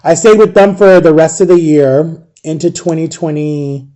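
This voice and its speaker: Soft-spoken man in his thirties. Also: on the high side, moderate pace. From Ohio, USA. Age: 30s. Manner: rambling, softens to a hush at emotional moments. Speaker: vlogger. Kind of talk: casual storytime monologue.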